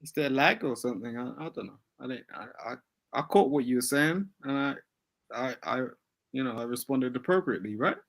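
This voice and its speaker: A man, a guest on a live panel, talking defensively and haltingly. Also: mid-range voice, lively intonation, low-quality recording. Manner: defensive, halting, with many restarts. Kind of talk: heated live panel talk.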